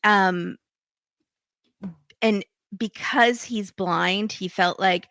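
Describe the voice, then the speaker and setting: A woman guests on a casual podcast, her bright voice edged with gravelly fry. She recaps with a wry, gossipy humor and laughs between lines, recorded dry and close. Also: mid-range voice, fairly even intonation, very slow, pauses often, no echo.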